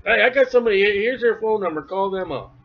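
A man preaching a sermon with a high, lifted voice, reading scripture slowly and then breaking into quick animated asides. The recording is dull and lo-fi. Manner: animated, acts out imagined voices, asides to the congregation. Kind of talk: expository sermon.

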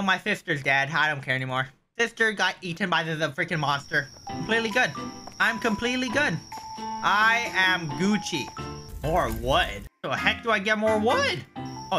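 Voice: medium pitch, animated, normal speed. A streamer giving nervous, rambling commentary while playing a horror game, often yelping and repeating themselves. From United States. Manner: jumpy, yelps and rambles nervously. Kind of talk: live horror gameplay commentary. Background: game music.

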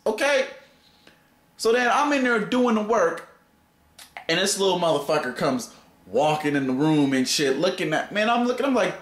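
A man telling an angry, heavily profane story as a vlog, his pitch swinging wildly as he gets worked up. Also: fairly bright tone, echoey room. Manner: heated, swears constantly, wildly varying pitch.

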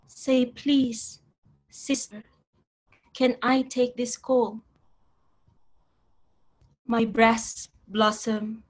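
A young woman reading her poetry aloud in a measured, deliberate way, then talking about her poems. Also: a little high. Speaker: poet reading her work. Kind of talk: poetry reading with spoken asides.

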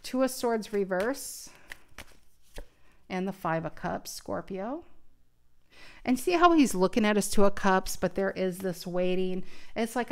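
An earnest woman talks through a tarot spread in a casual, conversational way. She thinks out loud, restarting her sentences often. Her voice sits at an ordinary mid pitch. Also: lively intonation, unhurried, pauses often. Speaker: tarot card reader. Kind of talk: casual tarot reading to camera.

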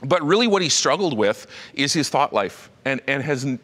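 An animated male pastor preaching with a bright, lively voice that climbs and dips across a wide range. His delivery is conversational, full of asides. It rings out with a long reverb, as in a large church hall. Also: mid-range voice, normal speed. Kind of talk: sermon. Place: church auditorium.

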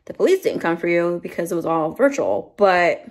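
A woman's voice: fairly low pitch, expressive, moderate pace. Candid, rambling young woman vlogger. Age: 20s. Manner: candid, rambling, swears casually. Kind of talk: casual vlog chat.

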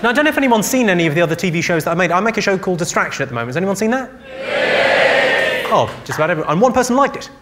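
Fast-talking deadpan stand-up man. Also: high voice. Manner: deadpan, quick one-liners, banters with audience. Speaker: stand-up comedian. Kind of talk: stand-up comedy set. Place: theatre stage before a laughing audience. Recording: live show with loud audience noise.

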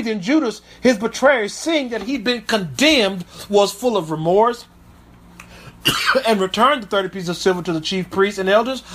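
A man's voice: very high-pitched, a bit bright. A male pastor preaching a sermon, reading Bible verses aloud and then commenting on them emphatically, with frequent stumbles and repeats.

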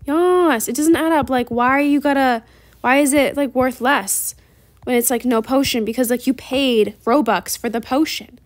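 A woman's voice: sits high, steady tone, normal speed. A teenage girl chatting casually while playing a game, tired and rambling with lots of "like". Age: teens. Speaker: gaming YouTuber. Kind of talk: casual gameplay chat.

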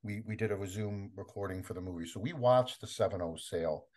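A man's voice: low-pitched, brisk, a little mellow. A middle-aged man being interviewed, telling a story with energy and often laughing and acting out other people's voices. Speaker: interview guest, comic collector. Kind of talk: animated storytelling.

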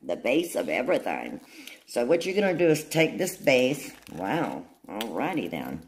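A woman's voice: extremely low pitch, huge pitch swings, moderate pace, slight background noise. A woman gives a casual, chatty nail tutorial, often checking in with her viewers. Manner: chatty, keeps checking in with "okay?".

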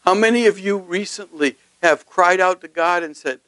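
A man's voice: high voice, normal speed, fairly bright tone, dry recording, poor audio. A male pastor preaching a sermon emphatically, often putting questions to his congregation.

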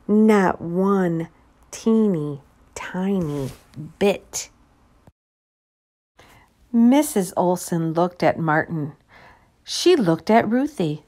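Woman storyteller, slow and animated, reading to kids. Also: lowish voice. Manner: expressive, asks the listener questions, drops to a whisper. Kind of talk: picture book read-aloud for children.

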